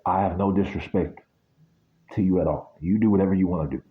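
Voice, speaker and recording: A low-voiced American man talks quickly over narrow, tinny audio. What begins as a casual spiritual reading turns into a blunt rant, and he swears freely.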